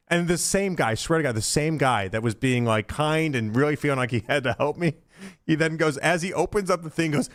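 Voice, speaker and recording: A man's voice: medium pitch, quick pace. A man hosting a sports radio show, chatting casually and acting out the people in his story as he tells it. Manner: animated storyteller who acts out exchanges.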